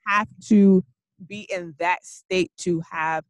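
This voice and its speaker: A man hosting a casual talk, animated and laughing often as he recaps his guest's points. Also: high-pitched, takes it slowly, no room sound. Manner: animated, laughing, repeats "literally". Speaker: podcast host.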